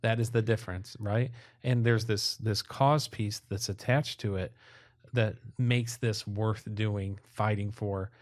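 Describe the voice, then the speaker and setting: A man's voice: fairly low pitch, steady tone, measured pace, no room sound, clean studio sound. A man co-hosting a casual podcast chat, encouraging his partner and laughing often. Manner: encouraging, laughs often, breaks into playful bits. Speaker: podcast co-host.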